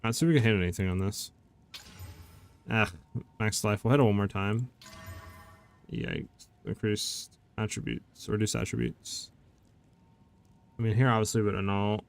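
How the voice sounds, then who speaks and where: Chill streamer guy chatting to his viewers while he plays, lowish voice. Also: steady tone, normal speed, gravelly, pauses often. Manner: laid-back, chatty, talks to chat. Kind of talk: casual live-stream chat while gaming.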